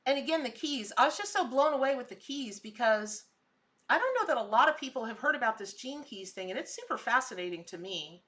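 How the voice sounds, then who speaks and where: A woman's voice: on the high side, animated, fairly quick, fairly bright tone. A middle-aged woman, hosting a live stream and chatting with viewers, gushing and exclaiming. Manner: chatty and gushing, exclaiming at what she sees. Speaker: livestream host, tarot and spirit animal reader.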